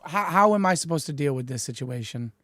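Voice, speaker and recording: A man's voice: fairly high pitch, animated, fairly quick, a bit bright, no echo, studio quality. A man hosting a livestream, introducing the topic in a rambling, hesitant way full of fillers. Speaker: host. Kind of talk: livestream commentary.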